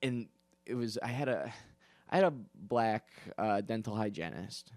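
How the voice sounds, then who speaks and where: A young man spins a comedic story for his podcast, wandering off on tangents and circling back with plenty of "like" and "um." His voice sits a little low, and the sound is dry and close with no room around it. He swears casually and pokes fun at himself as he goes. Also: lively intonation, a little slow, a little mellow, no echo. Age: young adult. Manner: rambling, digressive, full of fillers and restarts; profane, self-deprecating asides.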